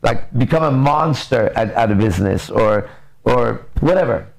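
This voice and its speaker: A man's voice: mid-range voice, normal speed, vocal fry, low-quality recording. A man coaching on relationships in a blunt, profane, casual podcast talk. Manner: blunt, profane, lively storytelling.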